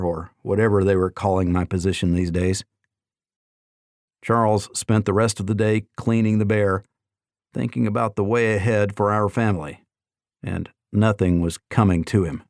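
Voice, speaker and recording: A man narrating an audiobook in a steady, even reading. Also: fairly low pitch, no echo, studio quality.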